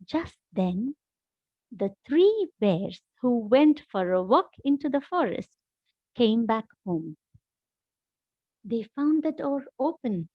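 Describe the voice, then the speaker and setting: A middle-aged woman with an Indian English accent, a former teacher reading a children's story aloud in an expressive, animated way over a video call. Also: fairly high pitch, slow pace, long pauses, dry recording. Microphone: laptop mic on video call. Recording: dull, dry video call audio.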